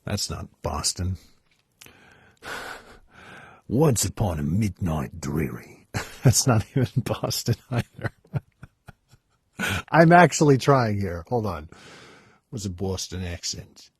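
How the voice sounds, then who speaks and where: A man on a live stream, reading poetry theatrically with long pauses and chuckling in between. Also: on the low side, animated, breathy edge, dry recording, studio quality.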